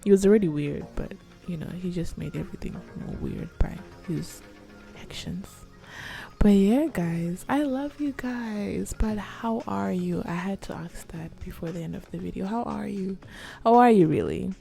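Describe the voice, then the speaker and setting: A young woman vlogger telling a story in a casual, soft-spoken ASMR style, chatty and peppered with "like". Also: medium pitch, normal speed, vocal fry, faint music behind.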